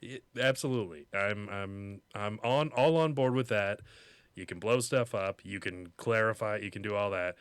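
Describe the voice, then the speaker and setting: A man co-hosting a casual podcast, rambling and halting, swearing casually, on a close mic. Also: lowish voice, clean tone, dry recording. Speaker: podcast co-host.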